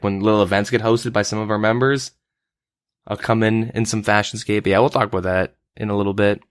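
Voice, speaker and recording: A young man from Canada, hosting a gaming podcast, chats in a relaxed, loose manner with many "like"s and "um"s. His voice is lowish and smooth. It's a dry, studio-quality recording.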